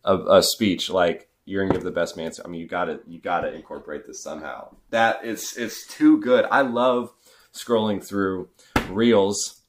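A man's voice: low-pitched, fairly even intonation, moderate pace, slight background noise. A man co-hosting a podcast, chatting about a film in easygoing, laid-back banter. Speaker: podcast co-host. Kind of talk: casual movie-review chat.

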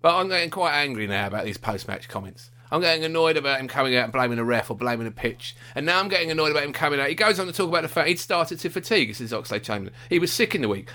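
A man rants about football in a casual podcast chat, indignant and self-mocking. His voice sits high and swings widely. He talks fast and sounds bright and forceful. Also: animated.

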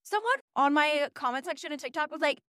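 A woman in her early twenties, hosting a podcast, tells a story in a casual, animated, profane and self-mocking way. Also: sits high, brisk, no room sound, studio quality. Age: early 20s. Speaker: podcast host.

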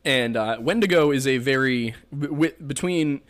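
A man's voice: mid-range voice, moderate pace. A young man with a Pennsylvania accent, hosting a podcast and explaining folklore in a rambling, joking way full of fillers. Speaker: podcast host. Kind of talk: casual chat.

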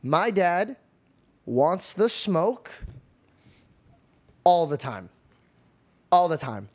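A young man hosting a podcast, telling a story in lively casual chat, often laughing and restarting sentences. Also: sits high, drawn-out words. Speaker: podcast host.

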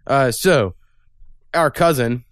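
A man's voice: mid-range voice, slow pace, clear, resonant tone, dry recording. Man hosting a podcast, loose and profane, laughs a lot, dry close sound. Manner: profane, rambling, laughs often. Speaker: podcast host. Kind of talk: casual chat.

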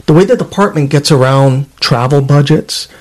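A man's voice: a little high, normal speed, a little mellow. A man who served as a state trooper, talking casually in an interview and reading out emails, with frequent fillers and restarts. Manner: conversational, reads out documents, frequent fillers.

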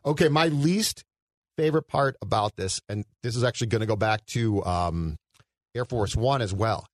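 A man's voice: lowish voice, moderate pace, no echo, clean studio sound. A man co-hosting a casual film podcast, who talks in a rambling way with many restarts. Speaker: podcast co-host.

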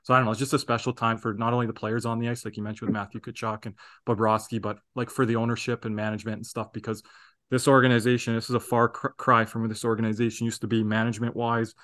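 A man's voice: medium pitch, little pitch movement, fast, fairly bright tone. A man co-hosting a fan podcast in casual sports chat, talking in a rambling, earnest way. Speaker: podcast co-host.

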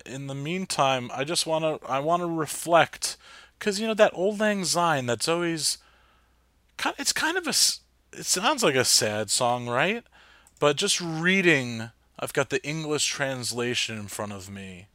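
A man's voice: mid-range voice, fairly bright tone, no room sound. A man from New Jersey hosting his podcast in rambling, casual chat full of fillers. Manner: rambling, chatty, lots of fillers and restarts. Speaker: podcast host.

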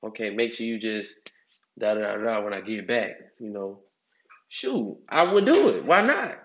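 A man's voice: lowish voice, animated, moderate pace, a bit bright. A man, giving casual advice and acting out other people's voices with big swings. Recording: echoey, slightly dull sound.

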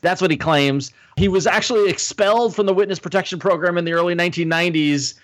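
A man's voice: high voice, fast, fairly bright tone. A man co-hosting a podcast, chatting casually, laughing often, and reading out facts. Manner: laughs often, reads out movie text. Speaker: podcast co-host.

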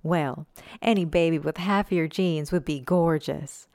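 A woman voicing a chirpy, giggly young nurse who gushes over her patient in a bright, bubbly way. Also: deep voice, a little slow, no echo, studio quality.

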